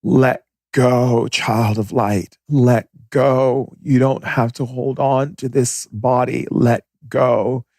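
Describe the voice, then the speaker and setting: A man voicing a calm, motherly female spirit that speaks in a soothing, insistent way. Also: medium pitch, slow, few pauses, no room sound, clean studio sound, voice pushed up.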